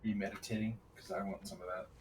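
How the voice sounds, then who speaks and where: A man trading quick, teasing quips on raid voice chat. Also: on the low side, flat delivery, very noisy. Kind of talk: voice chat during a game raid.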